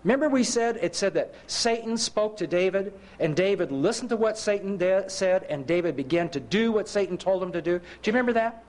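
A man's voice: sits high, expressive, fairly quick, few pauses, a little mellow. A middle-aged man preaching a sermon, telling personal stories with self-mocking humor and asking his listeners rhetorical questions.

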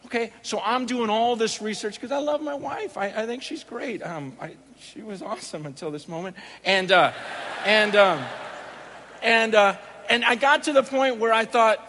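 A man's voice: high voice, moderate pace, fairly bright tone, long reverb tail. A man preaching a sermon who opens with a personal story. He tells it in a rambling, self-deprecating way, with lots of restarts, and acts out his own thoughts for laughs. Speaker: pastor.

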